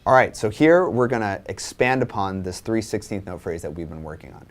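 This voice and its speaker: A man's voice: fairly low pitch, lively intonation, brisk, music in the background. A man teaching a drum lesson, explaining accent patterns and counting sixteenth notes aloud in a casual way. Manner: casual, repeats "right?" and restarts. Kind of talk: instructional lesson.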